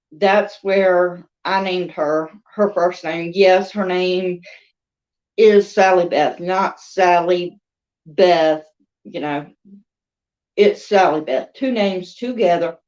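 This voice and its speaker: A woman's voice: fairly low pitch, slow, a little mellow, lo-fi sound. A woman with a Southern US accent telling a rambling, chatty story in a casual vlog, with laughs between thoughts. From American South. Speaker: crochet and doll vlogger.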